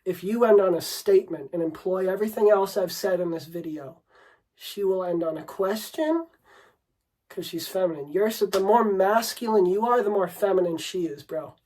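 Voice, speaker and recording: A man's voice: sits high, animated, moderate pace, a little mellow, rough recording. Brash, profane male dating coach. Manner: calls the listener bro and dude. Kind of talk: unscripted talk to camera.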